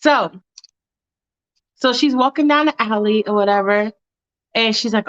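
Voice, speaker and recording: A woman's voice: on the high side, unhurried, a bit bright. A woman from New York, a podcast host telling a freestyle story in a chatty, sassy way with plenty of cursing. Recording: dull lo-fi dry recording.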